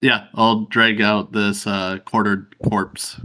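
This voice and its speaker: A man's voice: lowish voice, little pitch movement, slow, pushed and bright. A man playing in a tabletop game over a voice call, laid-back and casual. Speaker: player.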